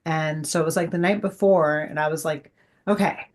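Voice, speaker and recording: Woman guest, casual storyteller, slightly low voice, filler-heavy. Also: fairly even intonation, normal speed. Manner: chatty, acts out quoted dialogue, many fillers.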